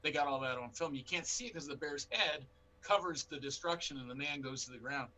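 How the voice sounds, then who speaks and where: A man in middle age answers questions as a bear expert, telling lively stories and acting out what people said. His voice is very bright and sharp and sits a little high. A faint hum runs under the recording. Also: fairly quick, rough recording. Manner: animated anecdotes with quoted dialogue. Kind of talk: storytelling in a panel interview.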